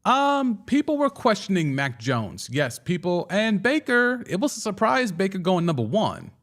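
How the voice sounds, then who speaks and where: A young man hosting a casual sports talk show, excitedly giving his takes and answering viewer comments, often restarting and stumbling over his words. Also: high voice, moderate pace. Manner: excitable, with frequent restarts and stammers. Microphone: studio microphone.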